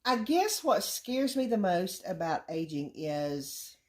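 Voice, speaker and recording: A woman's voice: fairly low pitch, big pitch swings, takes it slowly, a little mellow. A middle-aged woman, co-hosting a family vlog in casual chat and laughing often. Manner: chatty, laughs often, Southern country talk.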